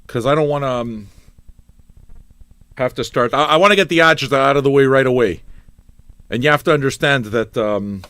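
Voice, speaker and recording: A man's voice: mid-range voice, a little fast, pauses often, a bit bright, clear, resonant tone, no echo. A man hosting a live music stream show, rambling and swearing in playful exasperation. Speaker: radio show host. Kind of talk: casual livestream chat.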